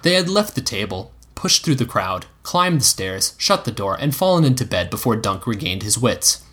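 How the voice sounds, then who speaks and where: Expressive, husky male story narrator. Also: mid-range voice, normal speed. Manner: expressive storytelling with voiced characters. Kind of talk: reading fan fiction aloud.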